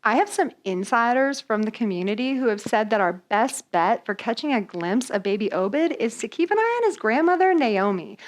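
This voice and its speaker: A woman's voice: a little high, close to an everyday voice. A woman playing a cheerful field news reporter in a church skit for children, with a chatty mock-newscast delivery.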